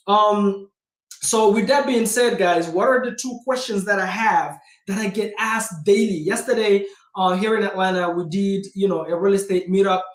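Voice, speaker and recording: Man, high voice, punchy motivational vlogger, roomy echoey sound. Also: moderate pace. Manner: energetic, direct, keeps calling viewers 'guys'. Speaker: real estate investor and channel host. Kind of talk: casual motivational vlog talk. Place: indoor room with a self-made backdrop.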